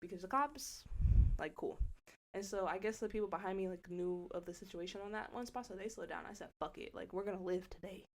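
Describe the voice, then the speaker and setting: A young woman co-hosting a podcast, telling a story in a casual, animated way, acting out what people said, with lots of slang and swearing. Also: mid-range voice, brisk. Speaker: podcast co-host.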